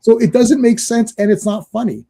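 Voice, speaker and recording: A man's voice: very high-pitched, normal speed, gravelly, dark tone, breathy edge. A man co-hosting a casual online movie chat, rambling with stammered restarts and mocking quoted lines. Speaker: podcast co-host.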